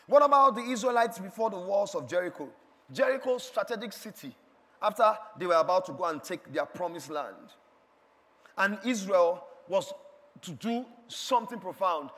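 Man preaching, high bright voice, emphatic, repeats and shouts, long church-hall reverb. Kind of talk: sermon.

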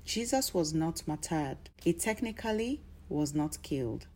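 A woman's voice: deep voice, animated, measured pace, a little mellow. A woman preaching a sermon in a declarative style, building to emphatic bursts.

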